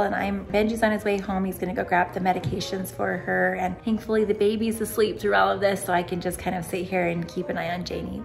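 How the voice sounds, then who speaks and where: Chatty mom vlogger over music. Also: female voice, mid-range voice, creaky. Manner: chatty, rambling storytelling with many restarts. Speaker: mother and family vlogger. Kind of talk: casual vlog talk. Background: background music.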